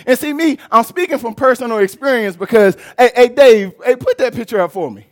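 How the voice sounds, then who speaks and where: A male pastor preaching a sermon in a church, telling a personal story with lively, rising delivery and shouts. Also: extremely high pitch, a little fast. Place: church sanctuary.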